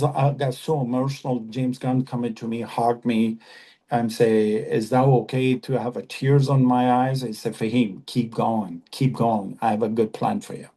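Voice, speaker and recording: A man from Afghanistan in his fifties speaks as a podcast guest, earnest and halting, often restarting and repeating himself. His voice is low in brightness and gravelly, with a husky edge. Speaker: actor guest. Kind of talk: podcast interview.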